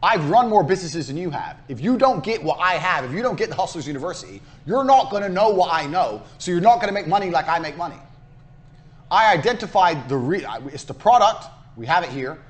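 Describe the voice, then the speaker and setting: A man's voice: a little high, lively intonation, a little fast. A man giving a recorded business lecture as a course instructor. He is brash, profane and hard-selling, and he hammers his points home by repeating them.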